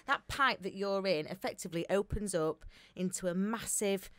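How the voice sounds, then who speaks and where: A woman's voice: medium pitch, normal speed, fairly bright tone, dry recording. A woman with a Northern English accent, chatting enthusiastically on a podcast and punctuating her story with sound effects. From England. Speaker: podcast co-host. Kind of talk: casual chat. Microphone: studio mic.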